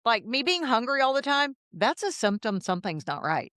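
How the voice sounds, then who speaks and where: A woman in her fifties, a guest on an interview podcast, who tells her stories in a lively way and acts out the dialogue. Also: a little high, moderate pace, no room sound, clean studio sound. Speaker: podcast guest, health coach. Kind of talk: casual interview storytelling.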